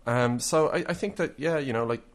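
A man's voice: mid-range voice, brisk. A man co-hosting a podcast in casual chat, rambling with many fillers and restarts. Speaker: podcast co-host.

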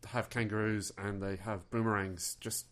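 Male co-host for a relaxed podcast, dry and teasing, cracking deadpan jokes. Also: on the low side, normal speed. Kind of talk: casual commentary chat.

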